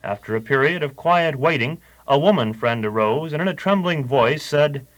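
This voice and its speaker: A man giving a measured, scripted explanatory narration. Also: on the high side, expressive, poor audio.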